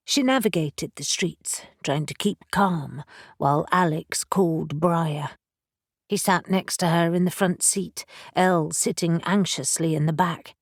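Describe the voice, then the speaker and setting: Slow, measured female audiobook narrator. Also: lowish voice, no room sound, clean studio sound.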